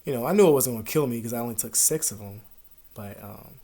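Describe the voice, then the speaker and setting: Young male vlogger, casual and profane, mid-pitched voice, rambling, swings from mumbling to loud bursts. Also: fast talker. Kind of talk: casual confessional talk to camera. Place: at home.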